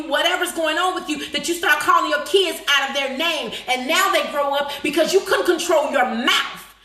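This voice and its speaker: A high, bright-voiced woman preaches a live-streamed sermon in an echoey room. She hammers her points home, bursting into shouts and then dropping into slow, heavy, drawn-out words, repeating key phrases again and again. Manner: emphatic, swings from shouted lines to slow, low, drawn-out stresses.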